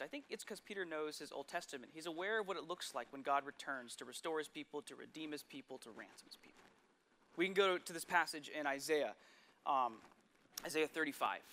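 A man preaching a sermon, retelling scripture stories with lively asides and sudden drops to a hush. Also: high voice.

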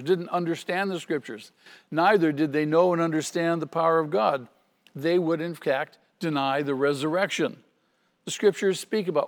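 A man's voice: fairly high pitch, long reverb tail. A man preaching a sermon as pastor, earnest and emphatic, repeating key phrases for stress.

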